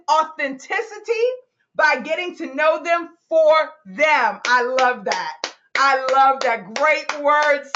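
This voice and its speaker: Woman hosting a live call, super high voice, lots of whooping and hype, sounds kinda muffled and lo-fi. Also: a bit bright. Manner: exuberant, whoops and laughs often; hypes up listeners, calls them y'all. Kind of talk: energetic live call, reading out chat comments.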